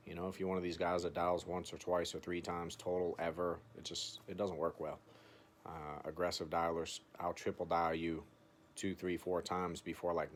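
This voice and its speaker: A man's voice: low voice, slight background noise. A man coaching salespeople in a casual, chatty way, acting out phone calls and saying "dude" a lot. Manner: relaxed, chatty, role-plays phone calls, says "dude" often. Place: home, recording himself.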